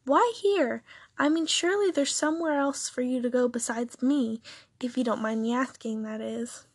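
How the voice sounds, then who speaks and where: A woman voicing a young female supervillain who talks in a dry, sarcastic, offhand way, with a husky voice. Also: high-pitched, moderate pace, no room sound.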